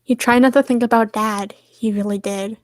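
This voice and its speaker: A woman reading fan fiction aloud to friends on a stream, steady and soft in the sad parts. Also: fairly high pitch, normal speed, no room sound.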